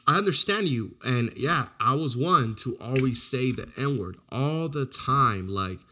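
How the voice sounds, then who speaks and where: A man with a bright, forceful voice chats loosely on a podcast. He tells his stories with animation and curses freely. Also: medium pitch, unhurried, a little hiss or hum. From Orange County, California. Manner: animated storytelling, swears freely. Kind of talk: casual chat.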